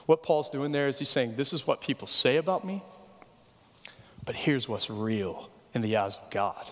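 A man's voice: medium pitch, long reverb tail. A man preaching a sermon as pastor, earnest and pleading, asking the congregation rhetorical questions.

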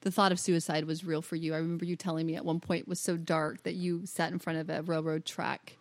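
A woman's voice: low voice, level tone, brisk, no room sound. A woman co-hosting a podcast who talks supportively and prompts her co-host to share his story. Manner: supportive, prompting the other speaker. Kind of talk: casual conversational podcast talk.

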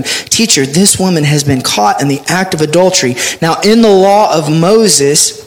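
A male pastor preaching a sermon, reading scripture aloud with animated delivery. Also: on the high side.

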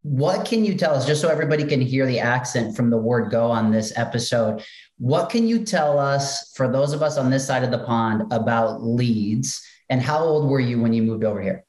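A man hosts a podcast and chats casually with his guest, rambling and playful. His voice sits at a middle pitch, and the sound carries a roomy echo. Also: animated, normal speed, darkish tone. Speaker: podcast host. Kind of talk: casual interview chat.

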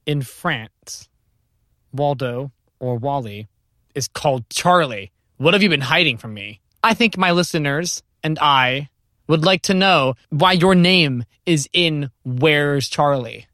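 A man co-hosting an improvised comedy podcast, reading and answering in a deadpan, matter-of-fact way. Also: a little high, takes it slowly, no echo, clean studio sound. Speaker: podcast co-host.

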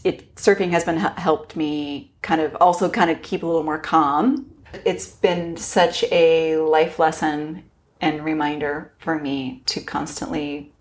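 A woman in her forties, a podcast guest telling stories in casual chat, acting out her own reactions and laughing often. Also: deep voice. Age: 40s.

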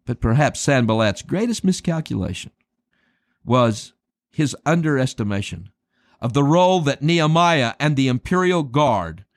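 A man preaching a sermon, emphatic and dramatic, slowing down to stress key words and calling his listeners beloved. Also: medium pitch, lively intonation, no echo, studio quality. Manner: addresses listeners as beloved and friends.

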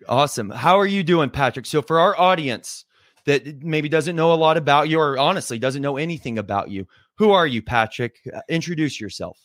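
A man's voice: a little high, brisk, a bit bright, no echo, studio quality. A young man hosting a podcast in casual interview style, friendly and upbeat, with lots of "you know" and "right". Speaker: podcast host.

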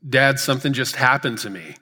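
A man retelling the words of a tearful six-year-old girl in his own voice, soft and earnest, in a reverberant hall. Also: medium pitch, expressive, fairly quick. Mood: awed, earnest.

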